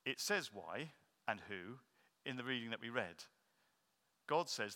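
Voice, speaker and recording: A man preaching a sermon, explaining earnestly and slowing down to stress key points. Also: medium pitch, animated, bright, forceful tone. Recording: long reverb of a hall.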